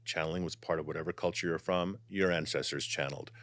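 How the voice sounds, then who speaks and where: Low-voiced man, dry close sound. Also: fast talker, dry recording. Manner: animated and expressive, softening into calm guided instruction. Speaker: psychic and channeler guest. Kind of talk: casual conversation and guided meditation.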